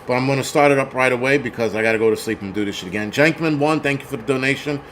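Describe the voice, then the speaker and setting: A man hosting a livestream, telling a story in a profane, animated rant and thanking viewers. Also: mid-range voice, racing, a little hiss or hum. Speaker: host.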